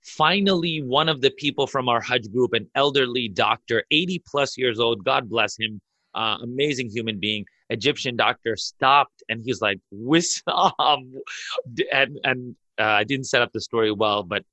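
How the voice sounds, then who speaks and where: A man, an imam, telling a dramatic story on a podcast, excitable and laughing as he goes. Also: mid-range voice, no room sound. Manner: excitable, laughs through his story, rushes in bursts. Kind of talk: animated storytelling in a podcast chat.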